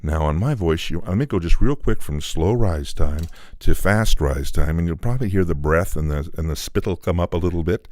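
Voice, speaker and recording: A man's voice: deep voice, a little fast, hardly any pauses, darkish tone, no room sound. A man demonstrating studio equipment in a loose, explanatory way with frequent fillers, speaking into a studio microphone and moving on and off it. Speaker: equipment designer demonstrating a preamp. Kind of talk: technical product demonstration.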